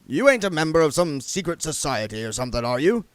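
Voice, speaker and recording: Man doing a loud bossy wizard boss, barks everything, bit higher than normal. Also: very animated, quick pace, smooth, no echo. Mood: brusque. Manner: bellowing, indignant. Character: blustering, loud male wizard head, impatient.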